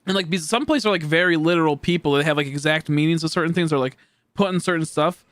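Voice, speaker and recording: A young man from the United States chats with his livestream audience in a rambling way, full of "like" and "you know," often chuckling between comments. He speaks quickly in a fairly high, slightly bright voice, with no echo.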